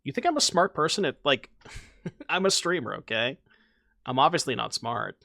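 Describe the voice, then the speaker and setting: Lively, chatty male game streamer. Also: fairly high pitch, normal speed, gravelly, dry recording, studio quality. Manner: chatty, self-mocking, talks to chat. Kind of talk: casual gameplay commentary.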